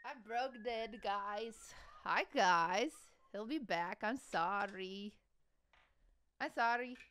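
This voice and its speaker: A woman's voice: mid-range voice, slow pace, fairly bright tone, clean tone. A young woman live-streaming from home, chatting casually with her chat in a playful, joking way and laughing often. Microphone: streaming mic, with earbuds.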